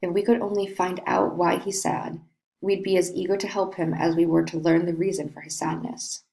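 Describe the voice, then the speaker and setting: A woman's voice: fairly low pitch, level tone, normal speed, gravelly, warm tone. A woman reading the part of a worried noble father explaining his troubled son. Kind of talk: reading a play aloud.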